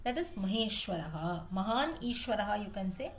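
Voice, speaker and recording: A woman's voice: medium pitch, animated, a little fast. A woman teaching a class, explaining word meanings patiently and repeating terms as she rephrases. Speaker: Sanskrit teacher.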